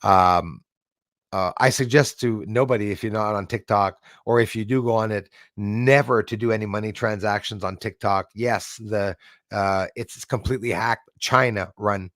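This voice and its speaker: A man's voice: fairly low pitch, steady tone, moderate pace, a bit bright, dry recording, studio quality. A man hosting a live stream, chatting casually and jokingly with viewers, rambling with many fillers and restarts. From Canada.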